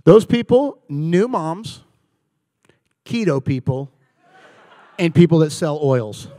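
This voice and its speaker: A man in his forties giving a comedic talk to a live church audience, telling animated stories and bantering with the crowd. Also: on the high side, takes it slowly, no room sound. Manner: animated storytelling, acting out dialogue and bantering with the audience. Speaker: guest speaker at church. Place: church service.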